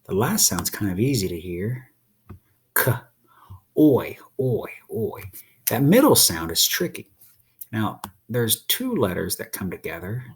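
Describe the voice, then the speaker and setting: Guy teaching little kids to sound out words, lots of ups and downs in his voice, kinda husky. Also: fairly low pitch, big pitch swings. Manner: sounds out letters slowly, asks children questions. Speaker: children's teacher. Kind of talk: slow children's phonics lesson while drawing.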